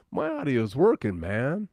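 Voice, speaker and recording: Podcast co-host, male, playful and teasing; animated pitch. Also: slow, no echo. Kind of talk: casual banter.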